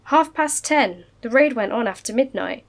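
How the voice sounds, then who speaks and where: A woman's voice: on the high side, animated, moderate pace, vocal fry. A woman reading a fussy, anxious wartime mother's lines.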